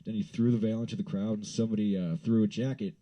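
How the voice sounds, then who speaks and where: A man from Wyoming telling a rambling, profane story in a casual vlog, swinging into loud exasperated rants. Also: on the low side, fairly even intonation, fast talker, rough recording.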